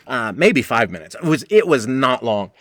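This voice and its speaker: A man hosting a podcast, telling a rambling story with lots of swearing and animated re-enactment. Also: mid-range voice, normal speed, no room sound. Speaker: podcast host. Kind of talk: casual storytelling monologue.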